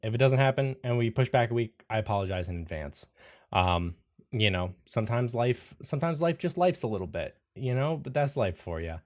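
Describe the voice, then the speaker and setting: A man's voice: medium pitch, lively intonation, fairly quick. A man hosting a podcast and giving a casual announcement, chatty and rambling. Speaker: podcast host.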